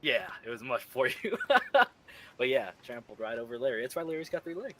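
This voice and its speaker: A man's voice: medium pitch, big pitch swings, fairly quick, noisy background. A man chatting casually in character as a rancher, swearing freely and laughing often. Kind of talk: casual in-character roleplay chat.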